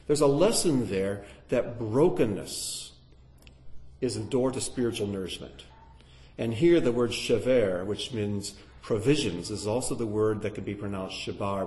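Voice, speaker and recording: A man teaching a Bible lesson to a live audience in sermon style, putting questions to the listeners. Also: medium pitch. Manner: animated, asks the audience questions. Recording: echoey room.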